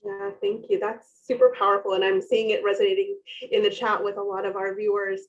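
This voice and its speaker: A woman at a mid pitch hosts a panel and keeps it moving. She responds to each speaker in an upbeat, affirming way. The audio comes through a little dull and muffled. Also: fairly quick, a little hiss or hum. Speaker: panel moderator. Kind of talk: moderating a panel discussion.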